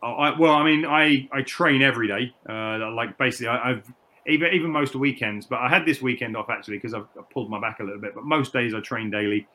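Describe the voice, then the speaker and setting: Middle-aged man from the UK, personal trainer, interview guest; bright, clear tone, reflective and halting. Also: mid-range voice. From United Kingdom. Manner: reflective, repeats words and restarts often. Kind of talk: candid interview conversation.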